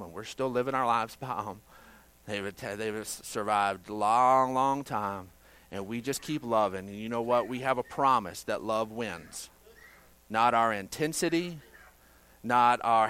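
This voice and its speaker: Man preaching with a smooth, clear voice. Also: medium pitch. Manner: conversational preaching, swinging from hushed to fervent; sarcastic asides. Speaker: pastor. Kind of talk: sermon.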